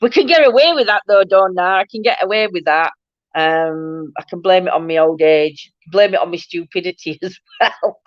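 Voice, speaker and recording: Yorkshire woman from Barnsley hosting a casual livestream, chatty and quick to laugh, dull dry recording. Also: fairly low pitch, no room sound. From Yorkshire, England. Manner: chatty and laughing, broad dialect. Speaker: livestream host. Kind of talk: casual chat reading viewer comments.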